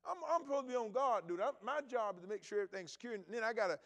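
Animated preacher man with lively pitch. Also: quick pace, few pauses. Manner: lively preaching, swings from loud emphasis to quiet asides; folksy storytelling with repeated phrases. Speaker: pastor. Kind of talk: sermon.

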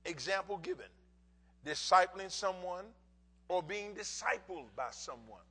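Husky pastor preaching with lively swings. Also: male voice, a little slow, poor audio. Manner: preaching in bursts, swinging from low asides to shouts; folksy, repeats words for emphasis. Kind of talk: sermon.

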